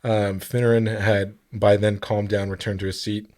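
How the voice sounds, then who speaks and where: A man co-hosting a podcast in casual chat, rambling and halting with frequent fillers, sometimes reading out a story. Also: on the low side, flat delivery, darkish tone. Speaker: podcast co-host.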